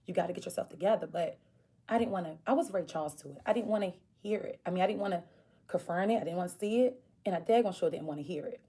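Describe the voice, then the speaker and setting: A woman's voice: fast talker, husky. A woman vlogger tells a personal story in a casual way, acting out the people she quotes. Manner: animated, acts out quoted voices with big pitch jumps.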